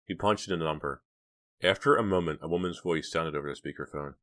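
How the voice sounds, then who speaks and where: Deep-voiced man reading an audiobook. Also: a little fast, a bit bright. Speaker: audiobook narrator.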